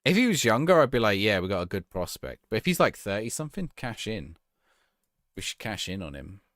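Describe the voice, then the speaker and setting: A man's voice: on the low side, very animated, fairly quick, a bit bright, dry recording, clean studio sound. A man streaming a football management game, chatting casually and answering viewers' questions as he plays. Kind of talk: live-stream gameplay chat.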